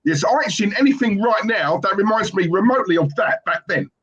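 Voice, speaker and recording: A man's voice: high voice, animated, brisk, highs cut off, crowd noise. A man hosting a casual football fan stream, emphatic, always checking "right?". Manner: emphatic, keeps asking "right?". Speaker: fan show host.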